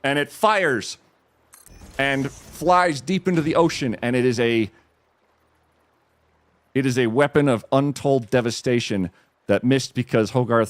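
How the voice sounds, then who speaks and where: Excitable male streamer retelling a story. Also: no room sound. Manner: excited retelling, frequent restarts, dramatic jumps in pitch. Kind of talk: animated storytelling while gaming. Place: home.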